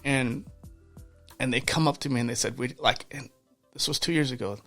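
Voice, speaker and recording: A man's voice: medium pitch, normal speed, gravelly, fairly bright tone, soft background music. A man guest on a podcast, telling faith stories in an earnest, fervent way, with many restarts and repeated words. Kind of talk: casual interview storytelling.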